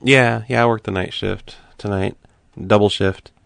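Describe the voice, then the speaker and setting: A man making prank phone calls, keeping an innocent, deadpan tone while needling the people he calls. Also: lowish voice, a little slow, vocal fry, dry recording. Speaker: prank caller.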